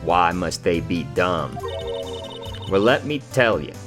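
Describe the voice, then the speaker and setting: A man's voice: deep voice, lively intonation, slow pace, music in the background. A man voicing a brash, scolding woman photographer with an attempted Southern US drawl.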